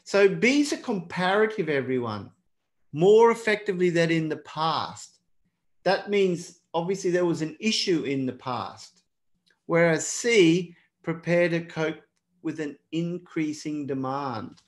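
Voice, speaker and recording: A man's voice: fairly high pitch, lively intonation, measured pace. A man teaching a live online exam prep class in a casual, chatty way, often calling out to everyone. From not British. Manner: chatty, keeps addressing everyone.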